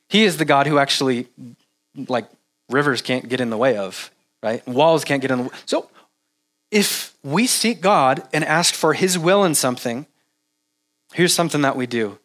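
A man preaching a casual sermon, halting with restarts and fillers, animated when he mimics repetitive prayer. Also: on the high side. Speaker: pastor.

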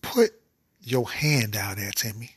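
A man voicing a bold, demanding young woman in a told joke, speaking low and coaxing. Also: big pitch swings, slow pace, slightly rough, heavily acted. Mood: teasing.

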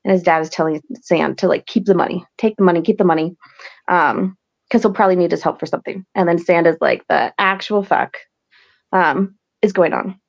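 A woman's voice: lowish voice, fairly even intonation, fairly quick, vocal fry, darkish tone, muffled recording. A woman hosting a podcast, recapping an episode in a chatty, rambling way full of fillers. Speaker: podcast host.

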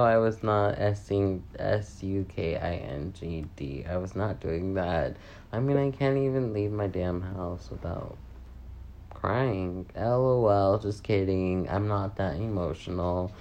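A young woman talks straight to her viewers in a loose, confessional vlog. She speaks slowly and rambles, swears freely and pokes fun at herself. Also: rumbling low, a little mellow. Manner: rambling, swears often, self-mocking. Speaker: vlogger. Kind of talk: casual confessional vlog chat.

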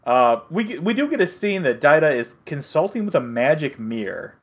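A man's voice: on the high side, sing-song, normal speed. Easygoing guy co-hosting, recapping episodes, slips into the characters' lines. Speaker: podcast co-host. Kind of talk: casual chat recapping an anime.

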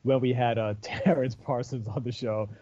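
A man's voice: mid-range voice, steady tone, moderate pace, warm tone, dry recording. A man, a stand-up comedian, chatting casually and telling a rambling story full of restarts. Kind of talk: casual chat. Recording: dull dry lo-fi recording.

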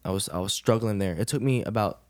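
A man's voice: on the low side, fast talker. A young man, a podcast guest, telling a personal story in a casual, laid-back way, often laughing and saying "bro".

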